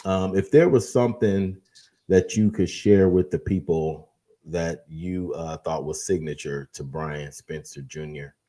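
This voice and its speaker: A man hosting a live-stream interview, speaking in a gentle, measured way with frequent fillers. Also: low-pitched. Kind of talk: live-stream interview, reading viewer comments.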